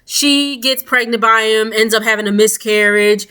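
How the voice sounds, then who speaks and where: A woman vlogger recapping a reality series in a casual chat, animated and laughing as she acts out what people said. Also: fairly high pitch, normal speed, clear, resonant tone. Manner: animated storytelling with quoted voices and laughter.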